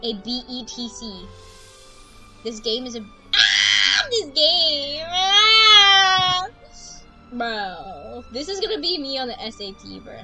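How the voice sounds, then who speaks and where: Excitable high-voiced woman streamer. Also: normal speed, low-quality recording. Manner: excitable, loud outbursts, slangy. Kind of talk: casual gaming livestream chat. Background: game music.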